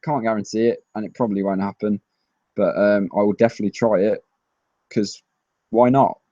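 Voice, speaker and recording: Excitable guy rambling on stream. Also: lowish voice, brisk, no room sound. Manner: excitable, rambling fan chatter. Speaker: streamer answering viewer questions. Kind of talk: casual live-stream Q&A. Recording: dry, slightly dull lo-fi mic.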